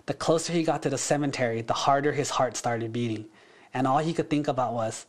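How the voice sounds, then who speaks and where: A man, a monk teaching a class, telling a story in a relaxed, conversational way with frequent fillers. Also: mid-range voice, fairly quick. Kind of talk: casual storytelling.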